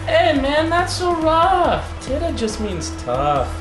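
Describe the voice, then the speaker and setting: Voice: high-pitched, wildly swooping pitch, slow, over music, full character voice. A performer voicing a laid-back male island gambler who talks in thick slang. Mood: teasing. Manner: drawling slang, easygoing.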